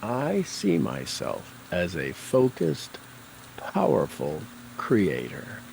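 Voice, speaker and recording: A man guiding a tapping session, speaking affirmations slowly and deliberately for the listener to repeat. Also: on the low side, wildly swooping pitch, vocal fry, a little mellow, a little hiss or hum, low-quality recording. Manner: slow, deliberate, coaching tone.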